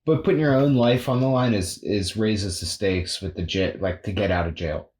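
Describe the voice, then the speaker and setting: A man in casual podcast chat, agreeable, full of yeahs and halting starts. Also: lowish voice, darkish tone. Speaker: podcast co-host.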